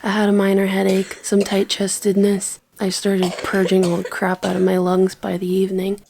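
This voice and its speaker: A young woman speaking candidly in a personal video diary, her voice often dropping to a soft near-whisper. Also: mid-range voice, monotone, normal speed, vocal fry, slight background noise. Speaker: vlogger.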